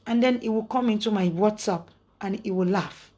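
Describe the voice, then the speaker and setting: A woman's voice: medium pitch, normal speed, dark tone. A middle-aged woman with a Nigerian accent, talking casually to her followers, indignant and preachy, full of rhetorical questions. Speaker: social media personality.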